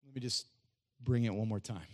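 A man preaching a sermon as pastor to his church, conversational, repeating phrases and asking "right?", moving between quiet lines and loud emphasis. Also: fairly low pitch, fairly even intonation, brisk.

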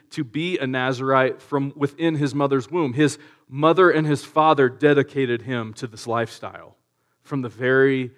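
A male pastor preaching in a relaxed, conversational way, using slang and asking the audience rhetorical questions. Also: medium pitch. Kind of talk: conversational sermon.

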